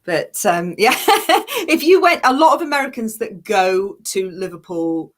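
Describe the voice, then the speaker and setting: A woman's voice: mid-range voice, big pitch swings, a little slow. An English actress with a fairly neutral, near-London accent, chatting casually in an interview, laughing often and restarting her sentences. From Yorkshire, England. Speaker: actress and online parody creator.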